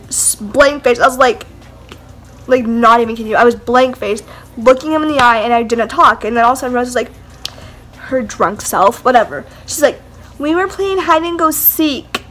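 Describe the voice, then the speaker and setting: A woman's voice: a little high, brisk, a bit bright. Chatty young woman, rambling storytime. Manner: rambling, heavy use of "like" and "whatever". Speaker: vlogger. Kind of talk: casual storytime.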